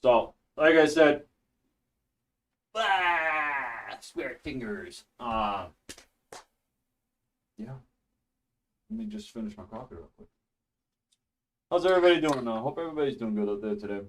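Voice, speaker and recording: A man's voice: mid-range voice, animated, a little slow, pauses often, a bit bright, recorded from a distance. A man hosting a casual study stream from home, chatty and loose, laughing and restarting his sentences as he talks. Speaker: streamer teaching a networking course.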